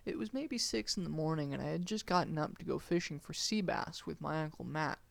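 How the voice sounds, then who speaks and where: Young male storyteller, slightly high gravelly voice, dramatic first-person narration. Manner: deliberate, dramatic storytelling delivery. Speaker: student storyteller.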